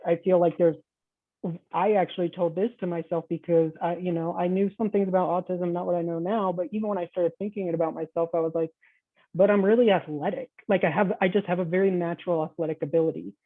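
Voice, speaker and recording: A moderator in a casual group video call, brisk and encouraging. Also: medium pitch, flat delivery. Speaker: roundtable moderator. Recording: tinny phone-like call audio.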